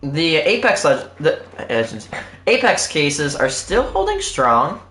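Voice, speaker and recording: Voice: medium pitch, wildly swooping pitch, slow, fairly bright tone, reverberant, faint music behind. A live streamer chatting casually to viewers while opening loot, in a hyped game-show-host manner.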